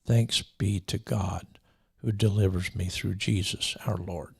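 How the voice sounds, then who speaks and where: Gravelly husky man reading scripture. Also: sits low, fairly even intonation, darkish tone, no echo. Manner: deliberate, reads passages slowly and repeats key lines. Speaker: show host and preacher.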